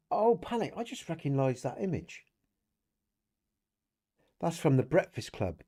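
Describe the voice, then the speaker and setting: A man's voice: a little high, big pitch swings, measured pace, mellow, husky. A middle-aged man hosting a casual livestream podcast, rambling and chatty, laughing often and talking to viewers in the chat. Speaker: podcast host.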